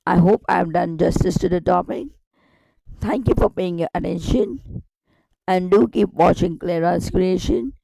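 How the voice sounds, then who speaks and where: Gravelly mellow woman teaching grammar. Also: fairly low pitch, a little slow, dry recording, poor audio. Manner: repetitive, emphatic explaining with rhetorical questions. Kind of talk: online grammar lesson.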